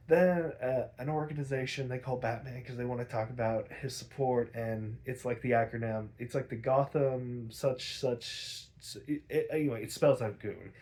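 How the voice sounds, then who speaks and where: A young man casually recapping a TV episode, rambling with lots of fillers, laughing often and acting out characters in quick raised voices. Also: medium pitch, a little mellow. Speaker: podcast host recapping episodes.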